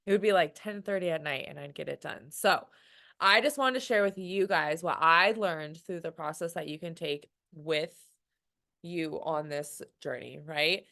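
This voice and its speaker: Young woman, lowish voice, candid motivational talk, team call, quotes her inner voice. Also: normal speed, creaky, pushed and bright.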